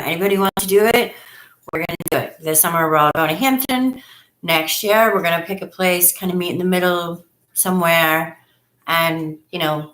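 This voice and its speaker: A woman, hosting a casual live stream from home and chatting effusively with viewers on a webcam. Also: a bit bright. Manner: chatty and effusive, often acts out her own past lines in a higher voice. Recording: echoey room sound.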